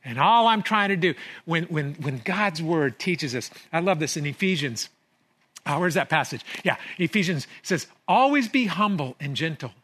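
A pastor delivers a sermon in a high, bright voice that rises and falls with lively swings in pitch. He talks emphatically, repeats his key phrases and drops from loud bursts to hushed lines. The tone stays sharp and forward the whole way through. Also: moderate pace.

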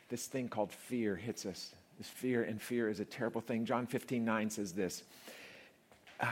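A male pastor preaching a lively sermon to a congregation in church, swinging from quiet asides to loud, laughing, shouting peaks. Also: lowish voice, moderate pace, husky. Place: church before a live congregation.

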